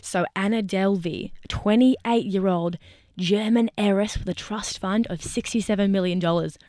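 A woman co-hosting a podcast in casual chat, talking in a chatty, bubbly way with quick asides. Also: mid-range voice, darkish tone, no echo, clean studio sound. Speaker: podcast co-host.

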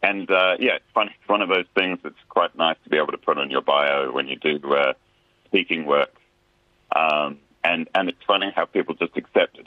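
Very deep-voiced man on a phone line. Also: moderate pace, no room sound. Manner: relaxed, chatty, self-deprecating. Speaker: musician guest. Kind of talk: casual radio interview. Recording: dry tinny phone line.

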